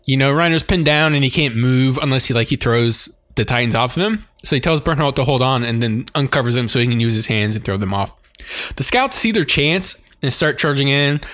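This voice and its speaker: A man's voice: medium pitch, fairly bright tone, dry recording, studio quality. A man co-hosting a podcast, rambling through an anime recap with lots of "like" and bursts of laughter. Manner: rambling, heavy use of "like", breaks into laughter. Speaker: podcast co-host. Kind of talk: casual chat recapping anime.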